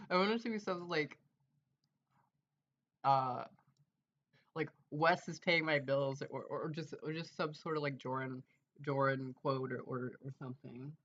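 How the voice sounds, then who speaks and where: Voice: medium pitch, moderate pace, pauses often, dull audio. A streamer chatting casually and rambling, full of fillers and trailing thoughts. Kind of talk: casual livestream chat.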